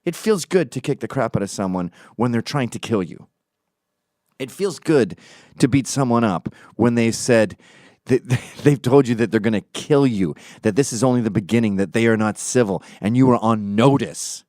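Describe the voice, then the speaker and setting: A man's voice: medium pitch, lively intonation, moderate pace, a little mellow, dry recording, clean studio sound. A man hosting a podcast, telling a story in a mocking, profane way and acting out the quotes. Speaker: podcast host. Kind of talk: casual storytelling monologue.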